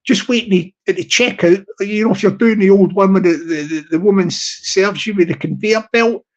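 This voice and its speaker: A man with a high-pitched voice hosts a motivational pep talk. He rambles from one thought to the next and often stumbles and restarts his sentences. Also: normal speed, highs cut off. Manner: rambling, with many restarts and laughs. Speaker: podcast host.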